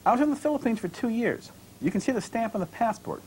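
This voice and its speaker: A man's voice: very high-pitched, animated, fast talker, darkish tone, a little hiss or hum, voice pushed up, poor audio. A man reading aloud from his novel, voicing a wry, talkative young American woman traveler with ironic, lightly defensive chatter. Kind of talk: author reading dialogue aloud.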